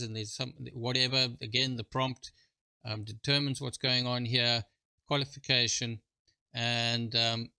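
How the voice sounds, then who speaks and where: Creaky, halting man walking through software. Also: mid-range voice, no room sound. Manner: halting, full of fillers and restarts; chuckling, informal asides. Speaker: presenter. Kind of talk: screen-share software walkthrough.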